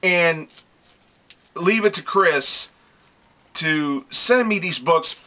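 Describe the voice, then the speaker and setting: A man with a fairly high, bright, forceful voice reviews comic books for his channel. He gushes and swears freely, often repeating his praise for emphasis. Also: animated, drawn-out words, pauses often. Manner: gushing praise, repeats himself. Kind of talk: casual video review.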